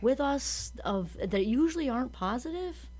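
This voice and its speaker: A woman's voice: high voice, animated, moderate pace, a little mellow. A woman hosting a podcast, chatting casually and animatedly, often acting out quotes. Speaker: podcast host. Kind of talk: casual conversation.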